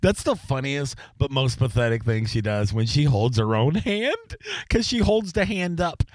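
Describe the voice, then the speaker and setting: A man's voice: expressive, moderate pace, dry recording. A man hosting a radio show, chatting casually with co-hosts, joking and laughing often. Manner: joking, laughs a lot, swings into high exclamations.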